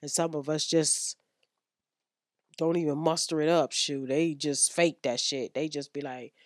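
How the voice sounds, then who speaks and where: A woman's voice: low voice, steady tone, a little slow, dry recording, clean studio sound. A woman hosting a frank sex-advice podcast, blunt and slangy as she lectures her listeners. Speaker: podcast host.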